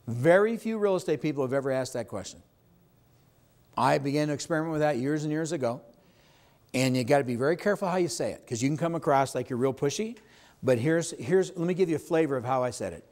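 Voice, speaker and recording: A man's voice: medium pitch, expressive, brisk, darkish tone. A man teaching real estate agents at a live seminar, making his points with emphasis and putting questions to the audience. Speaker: real estate sales trainer. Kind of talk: live sales training seminar.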